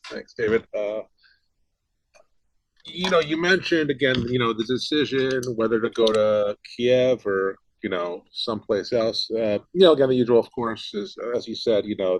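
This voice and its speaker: A man's voice: fairly low pitch, moderate pace, no room sound, rough recording. A man hosting, putting a long, loosely worded question to a guest with many fillers. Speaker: panel host asking questions.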